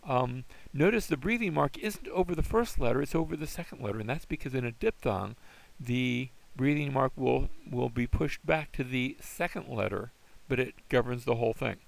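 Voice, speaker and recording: Gravelly man teaching Greek sounds. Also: medium pitch. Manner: patient, thinking aloud, sounds words out slowly. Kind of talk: informal classroom explanation.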